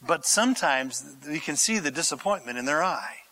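A man's voice: on the high side, normal speed. A male pastor giving a conversational, theatrical sermon. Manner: animated, theatrical, conversational preaching.

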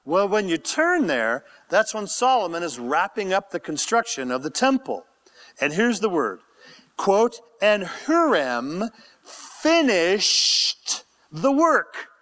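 A man preaching a sermon as pastor, then praying with passion and sinking into hushed whispers. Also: sits high, big pitch swings, takes it slowly. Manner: impassioned, dropping to hushed whispers in prayer. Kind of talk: sermon and closing prayer.

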